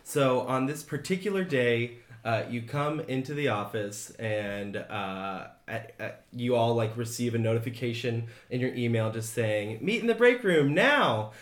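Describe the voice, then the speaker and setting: A man's voice: mid-range voice, unhurried, hardly any pauses. Laid-back male game master. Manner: relaxed, laughing, lots of fillers. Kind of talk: casual tabletop game narration. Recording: roomy echo.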